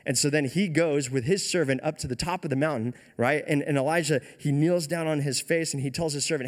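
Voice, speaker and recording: A male pastor telling a scripture story in a lively, slangy way, often repeating words as he goes. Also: a little high, brisk, few pauses, long reverb tail.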